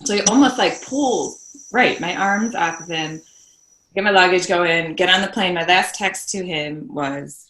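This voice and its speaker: A woman's voice: on the low side, measured pace, a bit bright. A woman guest on a podcast, telling a painful personal story earnestly and checking in with "right?". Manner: earnest, tags points with "right?". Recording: roomy echo.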